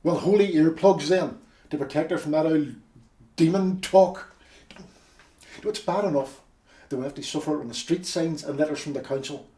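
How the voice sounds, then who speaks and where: A man playing a blustering, sarcastic Belfast husband with a Belfast accent. His voice sits a bit high and carries from a distance through an echoey room. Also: moderate pace, long pauses, dark tone, close to an everyday voice. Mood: ranting. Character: staunch loyalist Belfast husband, Jimmy, dramatic and blustering. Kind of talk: film drama acting. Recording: roomy audio from a distance.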